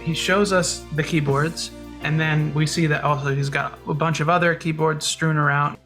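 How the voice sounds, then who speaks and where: A woman's voice: low voice, fairly even intonation, moderate pace, a bit bright, soft background music. A woman casually telling a story with a friend, laid-back and drawn out. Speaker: storyteller guest, band member.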